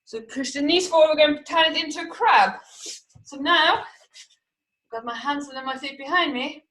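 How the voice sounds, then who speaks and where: In a high-pitched, fairly bright voice at a moderate pace, a woman teaches an online acrobatics class to children from a room at home. She calls out moves, counts, and makes animal sounds over video. Her voice carries from a distance in an echoey space.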